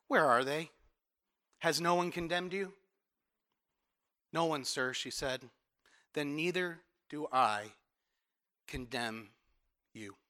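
A man delivers a sermon in a relaxed, conversational way, slipping into quick acted-out voices and then falling to soft, intense tones. His voice sits high and sounds bright and clear. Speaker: pastor.

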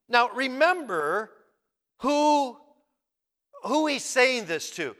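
A male pastor preaching with a high, lively voice that swings up and down as he leans on each key word. His speech is slow and deliberate. It rings out in a reverberant hall. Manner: slow, emphatic, repeats key words. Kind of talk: sermon.

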